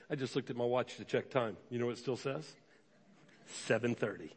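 A pastor preaching a sermon, animated and conversational, slipping into quick quoted voices for the people in the story. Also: male voice, mid-range voice, breathy edge. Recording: long hall reverb.

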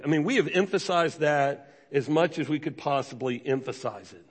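A pastor giving a sermon, emphatic and conversational, asking the congregation rhetorical questions. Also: male voice, fairly high pitch, lively intonation, brisk, few pauses, husky, big-room sound.

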